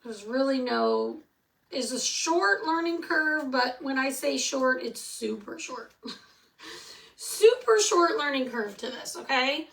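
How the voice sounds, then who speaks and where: A woman's voice: high voice, lively intonation, slow pace, creaky, a bit bright, recorded from a distance. A middle-aged woman hosting a live craft tutorial, chatty and answering viewer comments as she works. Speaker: craft tutorial host selling supplies.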